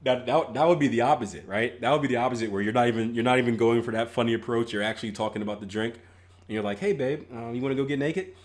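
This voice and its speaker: A man's voice: medium pitch, fairly even intonation, rapid-fire, a little hiss or hum. Joking man hosting a trading stream. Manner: joking, laughs at own jokes, reads chat aloud; frequent restarts and filler ums. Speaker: trading livestream host. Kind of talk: casual livestream chat.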